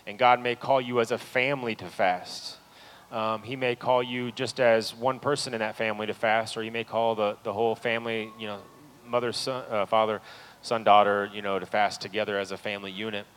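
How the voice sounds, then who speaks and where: A man preaching a sermon as pastor in a church, talking earnestly to the congregation and building to loud, pleading peaks. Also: fairly low pitch, little pitch movement, fairly quick, slight background noise, low-quality recording. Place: church sanctuary.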